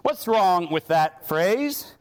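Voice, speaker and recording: High-voiced man, sarcastic and emphatic. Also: lively intonation, slow, slight background noise. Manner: sarcastic, emphatic, builds to outraged points. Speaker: speaker giving a talk. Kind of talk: impassioned lecture with slides.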